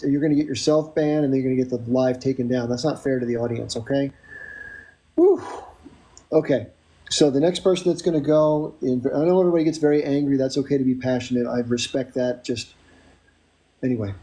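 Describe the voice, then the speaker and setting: A man's voice: medium pitch, dark tone. A man hosting a live stream, cutting off an angry caller and calling up the next in line. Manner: firm but apologetic, managing callers. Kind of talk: moderating call-ins.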